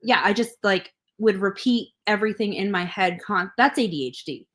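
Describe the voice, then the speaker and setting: A woman's voice: mid-range voice, normal speed, a crowd in the background. Chatty woman podcast host, swearing freely. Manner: chatty, swearing, laughing asides. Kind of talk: casual chat.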